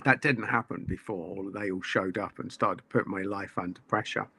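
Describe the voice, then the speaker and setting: A man's voice: on the low side, moderate pace, creaky, sharp tone, breathy edge. A man speaking bluntly and swearing freely as a guest in a casual live-stream chat.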